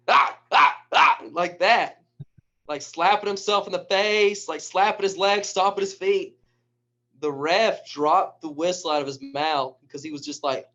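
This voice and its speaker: A man, a high school wrestling coach, telling stories in a casual, animated way and acting out the lines of people in them. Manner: animated storyteller who acts out quotes. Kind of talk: casual storytelling. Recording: dull lo-fi recording.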